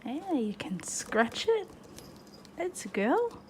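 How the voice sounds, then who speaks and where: A woman's voice: high-pitched, sing-song, slow pace, a little hiss or hum. A woman vlogging in a chatty, casual way, cooing at her pets. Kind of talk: casual vlog chat. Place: outdoors in front of an ice cream shop, then at home.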